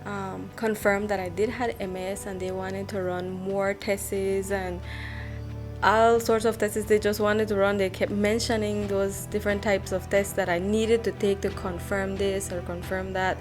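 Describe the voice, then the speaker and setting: Young woman, mid-pitch, hesitant church testimony; distant mic, faint music underneath. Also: little pitch movement, a little slow. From Belize. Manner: hesitant, many fillers and restarts. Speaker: church member giving testimony. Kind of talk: personal faith testimony.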